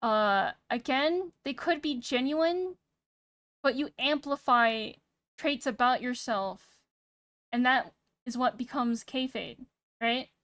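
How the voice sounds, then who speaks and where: High, soft-spoken young woman streamer. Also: dry recording, studio quality. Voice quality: soft-spoken, somewhat monotone. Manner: rambling, pausing every few words. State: sick. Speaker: VTuber streamer. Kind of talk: casual chat stream. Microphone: streaming mic with noise gate.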